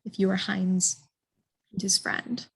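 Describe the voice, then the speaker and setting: A woman telling a history story to an audience, animated and full of ums, putting listeners in the story with choices. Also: medium pitch, takes it slowly, gravelly, husky. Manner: animated, addresses listeners with choices, frequent um fillers. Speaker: history presenter. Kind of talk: interactive storytelling talk.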